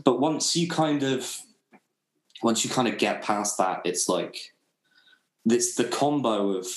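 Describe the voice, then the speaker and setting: Deep-voiced young English man, laid-back. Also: roomy sound, low-quality recording. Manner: laid-back, swears freely, laughs often. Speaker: podcast guest. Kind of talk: casual chat.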